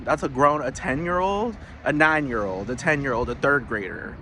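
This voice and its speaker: A man's voice: medium pitch, normal speed, pushed and bright, a little hiss or hum. A man vlogging a heated, profane rant with many restarts, outdoors. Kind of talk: casual ranting monologue.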